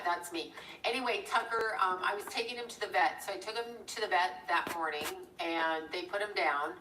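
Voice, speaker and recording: Middle-aged woman rambling on a livestream, bright voice, kinda far from the mic in an echoey room. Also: medium pitch, a little hiss or hum. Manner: chatty, digressive, thanks viewers mid-story. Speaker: livestream host. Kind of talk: rambling live-stream storytelling.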